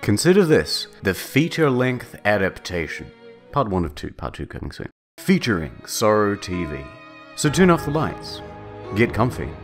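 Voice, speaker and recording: A man narrating a comedic dramatic reading with a mocking, lively delivery. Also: fairly low pitch, normal speed, soft background music.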